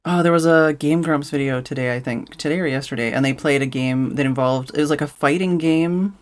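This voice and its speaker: A woman streamer chatting casually on a live stream, rambling and giggly, full of fillers and restarts. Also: low-pitched. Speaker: streamer host.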